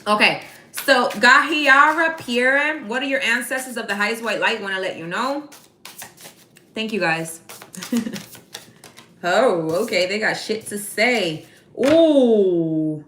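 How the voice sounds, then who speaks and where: A woman's voice: medium pitch, expressive, slow pace, pauses often, a little hiss or hum. A woman giving a casual live tarot reading, chatty and slangy, speaking straight to her viewers by name. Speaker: tarot card reader. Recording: echoey room.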